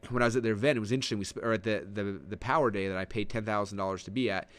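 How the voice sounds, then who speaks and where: A man leads a recorded webinar lesson at a brisk clip. His delivery is emphatic and animated, spilling out in quick, conversational bursts with plenty of restarts. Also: fairly low pitch, clean tone. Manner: energetic and emphatic, sitting forward and gesturing; conversational with frequent fillers and restarts. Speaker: online marketing instructor.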